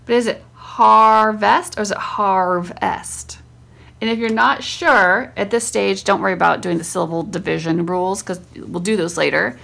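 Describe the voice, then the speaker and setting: A woman's voice: medium pitch, a little fast, vocal fry, few pauses, fairly bright tone. A woman, a homeschool teacher, casually demonstrating a spelling lesson and sounding out words syllable by syllable.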